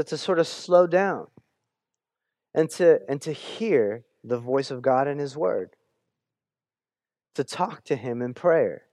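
Male pastor, conversational sermon, a bit high-voiced, dry close sound, restarts often, lively when quoting. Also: dry recording. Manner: conversational, repeats words when restarting, quotes scripture with animated voices.

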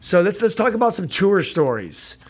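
A male host leads a casual interview, cutting in with eager questions. His voice runs a little high and swings widely in pitch. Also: very animated, normal speed, slightly rough. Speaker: podcast host.

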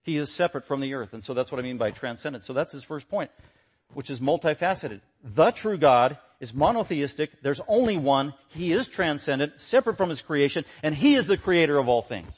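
Husky, emphatic male preacher. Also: animated, brisk. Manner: emphatic, swings between loud declarations and quiet low asides; repeats short punchy phrases. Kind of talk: sermon.

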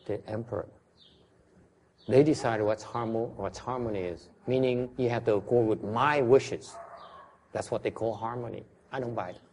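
A man whose first language is Vietnamese teaches a class, questioning his listeners bluntly. His voice sits at a middle pitch. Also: a little mellow, a little hiss or hum. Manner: blunt, questioning, switches between English and Vietnamese. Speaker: Buddhist teacher.

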